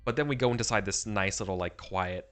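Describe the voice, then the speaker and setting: A man playing a tabletop role-playing game, chatting excitably, restarting sentences and rambling as he sets up his scene. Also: fairly low pitch, fairly quick, soft background music. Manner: excitable, self-interrupting, rambling. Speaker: player. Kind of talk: casual tabletop role-play.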